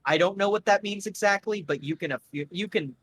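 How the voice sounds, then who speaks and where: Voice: mid-range voice, a little fast, fairly bright tone, a little hiss or hum. A game master narrating a tabletop game in a rambling, casual, profane way.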